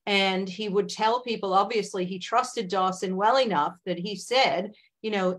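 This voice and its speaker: A woman, a guest in a conversational interview, talking in a measured way with frequent fillers and asides. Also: medium pitch.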